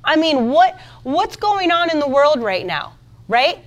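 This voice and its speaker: A woman preaching a sermon in an animated way, moving from talk to loud indignation. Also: sits high, a little slow. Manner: animated, mocking quoted voices, rising to loud indignation.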